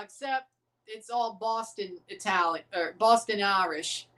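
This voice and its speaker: A woman's voice: mid-range voice, a little slow, a bit bright. A woman hosting a live sports watchalong, joking and swearing, abrasive on purpose. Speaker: livestream host.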